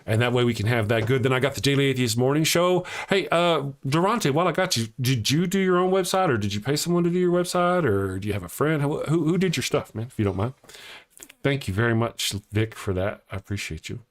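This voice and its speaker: A man's voice: medium pitch, expressive, fast talker. Chatty man hosting a live stream. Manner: rambling, joking, laughs often at his own jokes; reads out viewer comments and teases chatters. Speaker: livestream host. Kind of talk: casual live-stream chat.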